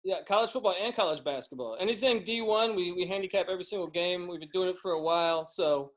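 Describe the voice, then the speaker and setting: High-voiced man talking college football picks. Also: a bit bright. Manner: quick, with frequent restarts. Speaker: sports betting podcast guest. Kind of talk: casual sports betting talk.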